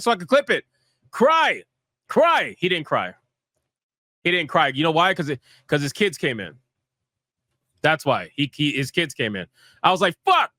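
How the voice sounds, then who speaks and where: A man's voice: on the high side, sharp tone, no echo, clean studio sound. A man hosting a live gaming stream, talking in a profane, mocking and emphatic way. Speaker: streamer host.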